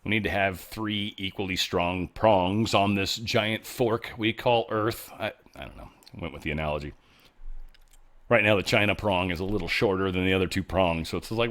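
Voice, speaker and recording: A man's voice: low-pitched, moderate pace, fairly bright tone. A man hosting a talk show, commenting on news in a casual, sarcastic, jokey way, dropping into mumbled asides. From United States. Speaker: podcast host.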